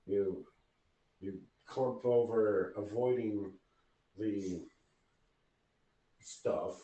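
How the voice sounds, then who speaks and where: A man guides his tabletop players at a relaxed, unhurried pace, restarting phrases as he goes. He sits back from the mic, so his voice carries the sound of the room around him. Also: fairly low pitch, lo-fi sound. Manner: slow, halting narration with restarts. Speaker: game master. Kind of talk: narrating a tabletop game. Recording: roomy, distant mic.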